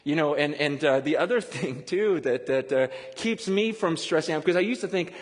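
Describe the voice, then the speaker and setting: A man preaching a sermon in a lively, conversational way, often breaking into quick laughs. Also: a little high, long reverb tail. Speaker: pastor.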